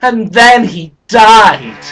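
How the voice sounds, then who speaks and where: A performer voicing an excitable, hapless male sidekick in a fan parody. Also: medium pitch, very slow, distant mic, soft background music, exaggerated voice. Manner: excitable, lively. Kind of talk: fan parody audio drama.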